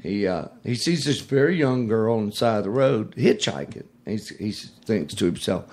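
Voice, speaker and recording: A man's voice: lowish voice, expressive, normal speed, few pauses, darkish tone. Man telling a story in a drawl. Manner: storytelling, acts out voices of the people in his story. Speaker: podcast host. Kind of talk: casual chat.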